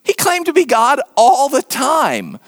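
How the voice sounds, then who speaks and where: Lively male preacher acting out scripture. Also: very high-pitched, measured pace. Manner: animated, acts out biblical dialogue in voices. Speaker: pastor. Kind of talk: sermon.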